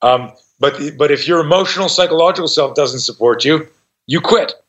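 Brief: man, 60s, self-defense teacher, raised-pitch lively storyteller, cussing, lo-fi dull recording. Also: fairly quick. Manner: profane, animated, acts out voices in his stories. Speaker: self-defense instructor, guest. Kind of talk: storytelling in a conversation. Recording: dull lo-fi sound.

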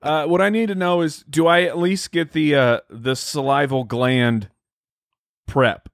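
A man co-hosting a comedy podcast in casual chat, teasing and expressive, on a remote call mic. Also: on the high side, measured pace, vocal fry, dry recording, clean studio sound. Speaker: podcast co-host.

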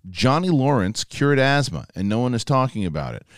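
A man's voice: medium pitch, a little fast, no echo, clean studio sound. A man co-hosting a casual live show, reading viewer messages and telling rambling stories. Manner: rambling, animated storytelling. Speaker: co-host. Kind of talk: casual live-stream chat.

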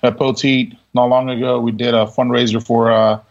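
A laid-back man tells a story on a podcast, his gravelly voice often breaking into laughter and restarting sentences. The sound is dull and lo-fi. He talks casually, with lots of fillers. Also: mid-range voice, level tone, normal speed. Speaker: podcast guest.

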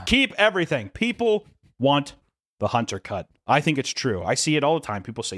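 A man's voice: mid-range voice, sing-song, normal speed, a bit bright, no echo, studio quality. A young man co-hosting a podcast in casual, sarcastic banter, often repeating his words as he talks over a remote call. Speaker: podcast co-host. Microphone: remote call mic.

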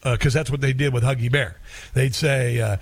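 Sarcastic, rambling middle-aged radio host. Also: male voice, medium pitch, fairly even intonation, moderate pace, dry recording. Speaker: radio talk show host. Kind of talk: casual talk radio monologue.

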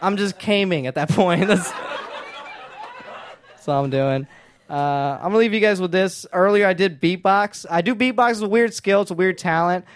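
A man doing stand-up in a club, telling awkward stories with deadpan punchlines. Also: high voice, normal speed, slight background noise. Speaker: stand-up comedian. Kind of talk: stand-up set. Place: comedy club stage. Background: audience laughter.

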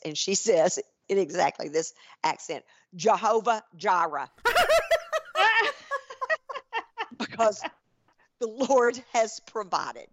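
A woman's voice: on the low side, no echo. A woman, a podcast guest telling stories in casual chat, often restarting and repeating words. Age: 60s. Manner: chatty storyteller, frequent restarts and repeats. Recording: dry, slightly muffled podcast audio.

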